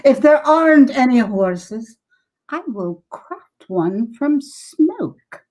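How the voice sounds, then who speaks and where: A man voicing a haughty, scheming old female witch in a dramatic reading of a rhyming tale, with a shrill, cackling, gloating delivery. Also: lively intonation, slow, darkish tone, full character voice.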